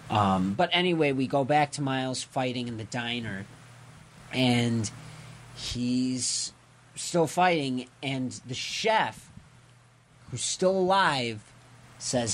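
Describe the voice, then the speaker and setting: A man's voice: mid-range voice, animated, takes it slowly, long pauses, slight background noise. A man co-hosting a podcast, casually recapping a comic with lots of fillers and self-corrections, acting out characters' lines. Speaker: podcast co-host.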